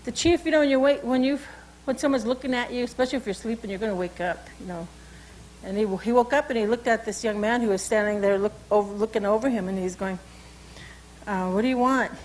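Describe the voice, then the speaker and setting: A woman who is a tribal cultural educator, telling a traditional story and teaching words and signs in an unhurried, conversational way with frequent asides. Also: a little high, steady tone, a little mellow, slight background noise, rough recording. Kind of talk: oral storytelling and language lesson.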